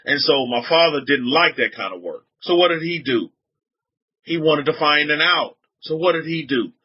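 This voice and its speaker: A man's voice: a little high, expressive, moderate pace, husky, lo-fi sound. A man with a Southern US accent giving an informal religious talk to a group. He repeats himself and keeps asking his listeners rhetorical questions. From Southern United States. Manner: repetitive, restarts a lot, fires rhetorical questions at listeners. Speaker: religious teacher addressing a group.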